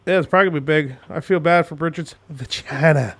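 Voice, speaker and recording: A man's voice: on the high side, fast, fairly bright tone. A man co-hosting a podcast, chatting casually with crude, laughing banter. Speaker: podcast co-host. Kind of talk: casual chat.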